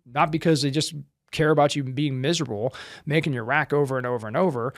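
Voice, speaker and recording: A man's voice: mid-range voice, quick pace, no room sound, studio quality. Blunt, intense middle-aged American man. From United States. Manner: intense, blunt and profane, acting out dialogue as he tells stories. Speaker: podcast guest, former Marine and firearms trainer. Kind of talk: casual interview talk.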